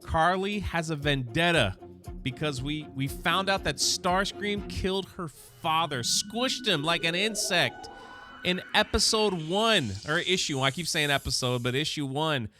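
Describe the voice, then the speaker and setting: A man hosting a comic book channel, recapping an issue in a chatty, excited way and often restarting his words. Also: fairly high pitch, a little slow, over music.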